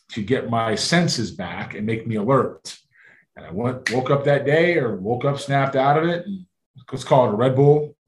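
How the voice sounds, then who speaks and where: A man's voice: medium pitch, reverberant. A man, a former ballplayer, casually telling a rambling story full of quoted dialogue.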